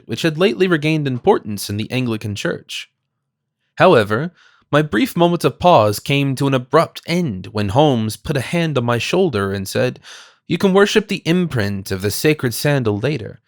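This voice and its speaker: A man's voice: medium pitch, lively intonation, normal speed, dry recording. Man narrating an audiobook, dry close sound. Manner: reads all characters himself with small shifts. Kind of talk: scripted narration.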